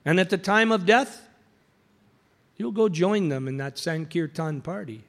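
Man, high voice, storytelling sermon, acts out quoted voices. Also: lively intonation, unhurried. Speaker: preacher. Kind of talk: anecdotal sermon.

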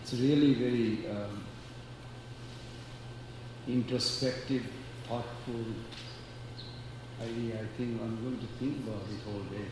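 A man speaking softly and reflectively from a distance. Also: mid-range voice, steady tone, background noise. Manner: slow, soft, reflective. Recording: distant, echoey hall with ambience.

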